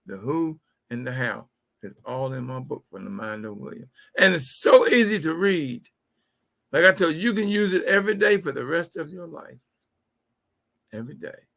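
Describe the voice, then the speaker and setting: A middle-aged man with a gravelly, fairly high voice hosts a motivational business talk. He speaks in a folksy, preachy way and drives his points home by repeating key phrases. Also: sharp tone. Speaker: host.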